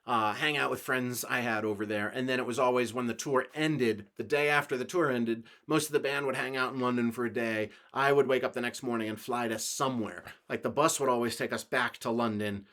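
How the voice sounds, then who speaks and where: A man's voice: mid-range voice, fairly even intonation, fairly quick, hardly any pauses, fairly bright tone. A man from the United States hosting his own podcast, rambling through a travel story in a loose, casual way, swearing now and then and laughing along. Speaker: podcast host.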